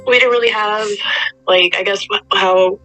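A woman's voice: mid-range voice, steady tone, normal speed, pushed and bright, soft background music, poor audio. A woman on a casual faith chat, speaking thoughtfully and meandering with many fillers. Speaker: guest.

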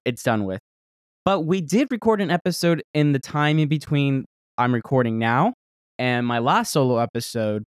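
A man with a Southern accent hosting a solo podcast, rambling and swearing, jumping between loud outbursts and muttered asides. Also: mid-range voice, no echo, clean studio sound. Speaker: podcast host. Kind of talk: casual solo podcast rant. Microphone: desk microphone held close.

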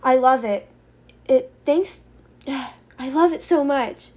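A woman's voice: fairly high pitch, moderate pace, a little mellow, close to an everyday voice. A woman voicing a loyal, protective teenage boy who has just gained his hearing. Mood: earnest.

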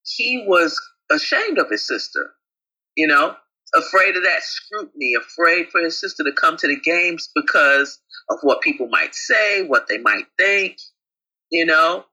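A man co-hosting a casual talk show, chatty and affectionate, with a husky voice. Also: fairly high pitch, sing-song, a little slow, bright, forceful tone, low-quality recording. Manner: chatty, calls co-host babe. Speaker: co-host. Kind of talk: casual chat.

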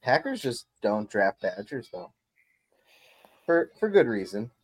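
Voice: medium pitch, big pitch swings, a little slow, dry recording, poor audio. A podcast co-host in a casual sports chat who drops dry, wry remarks.

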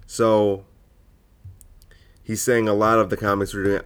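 A man's voice: lowish voice, little pitch movement, unhurried, long pauses, clean tone. A man hosting a casual solo comedy podcast, rambling and sidetracked, full of fillers and self-corrections.

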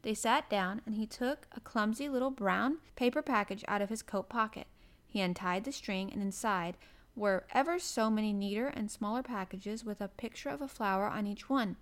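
A woman narrating a classic children's novel aloud in a gentle, even storybook manner. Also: mid-range voice, moderate pace.

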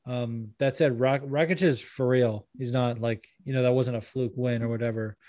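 A man's voice: mid-range voice, steady tone, normal speed, mellow, no echo. A man hosting a casual podcast, rambling with lots of fillers and laughing easily while reading listener questions. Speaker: podcast host.

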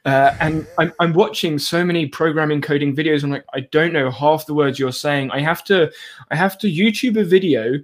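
A man hosting a podcast, relaxed and chatty, laughing easily as he talks. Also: fairly high pitch, moderate pace. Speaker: podcast host. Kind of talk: casual conversation.

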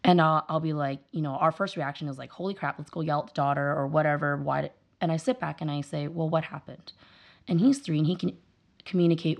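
A woman with a low voice and a gravelly edge speaks as a guest in a casual interview. She is a young mother who tells stories with energy, acting out her children's lines as she goes. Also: fast. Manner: animated storyteller, acts out her kids' voices.

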